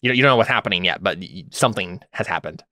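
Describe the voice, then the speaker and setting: A man's voice: sits low, expressive, quick pace, sharp tone, no echo, clean studio sound. A young man narrating a tabletop game as game master, rambling with many fillers and self-corrections.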